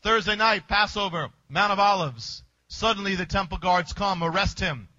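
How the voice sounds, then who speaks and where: A man's voice: sits high, normal speed, bright, forceful tone, dry recording, muffled recording. A man preacher retelling a story vividly, with emphatic, short, punchy phrases. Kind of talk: dramatic sermon storytelling.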